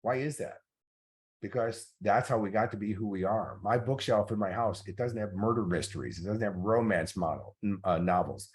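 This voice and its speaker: In a master class, a middle-aged man working as a motivational coach tells stories at normal speed, with many fillers. His voice is lowish.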